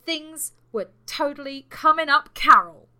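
A woman's voice: sits high, animated, a little slow, sharp tone. A woman co-hosting a podcast, telling a true crime story in a casual, sweary, jokey way. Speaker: podcast co-host.

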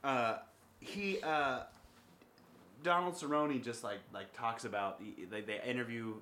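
A man hosting a casual podcast chat, animated and quick to laugh, leaning on "like" and "dude" as he talks. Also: medium pitch, slight background noise. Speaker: podcast host. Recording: echoey room.

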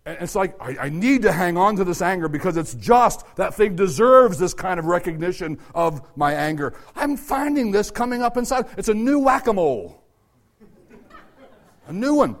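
A middle-aged man preaching a sermon at a church service, swinging from loud, emphatic urging to low, quiet asides. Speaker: pastor.

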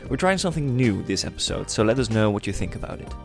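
A man hosting a podcast, giving a calm, scripted introduction. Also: fairly low pitch, quick pace, vocal fry, soft background music. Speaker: podcast host.

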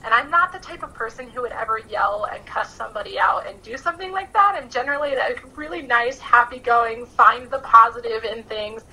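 Woman, podcast guest, casual storytelling, bright crisp tone, a bit high, faint background noise. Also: fairly quick, hardly any pauses, rough recording. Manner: animated, chatty, frequent "like" fillers.

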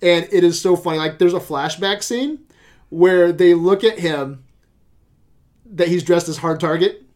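A man's voice: high voice, unhurried. A man hosting a casual podcast chat, retelling a show scene by scene with lots of swearing. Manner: animated storytelling with swearing and laughs. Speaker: podcast host.

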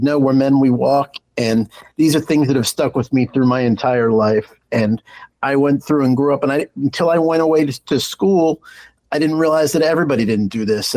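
A middle-aged man, a radio interview guest, talking in an earnest, halting way with frequent restarts as he tells personal stories. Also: medium pitch, a little mellow, rough recording. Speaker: guest, political party executive director.

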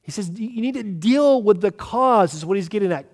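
A male pastor preaching a sermon with emphatic delivery, swinging from loud urgent lines to hushed ones. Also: high-pitched, animated, moderate pace, few pauses, big-room sound.

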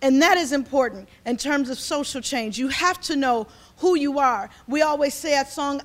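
A woman in her forties, a community organizer, speaking to an audience in a fervent, rambling way and repeating herself as she builds. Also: sits high. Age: 40s. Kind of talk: impassioned speech to an audience.

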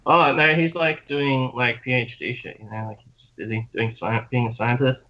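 A man's voice: mid-range voice, normal speed. A man with an Australian accent telling long, rambling, profane stories in casual chat. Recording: dull lo-fi sound.

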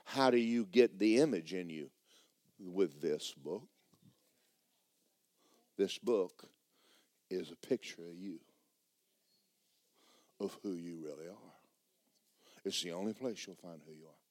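A man preaching a sermon, telling stories in an animated, repetitive way. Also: deep voice, slow pace, pauses often, no room sound.

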